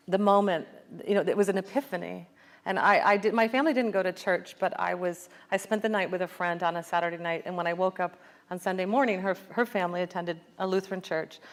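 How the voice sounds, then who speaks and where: An American woman, an author, talking reflectively in an onstage conversation, with many fillers and restarts. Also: fairly low pitch. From United States. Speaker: author guest.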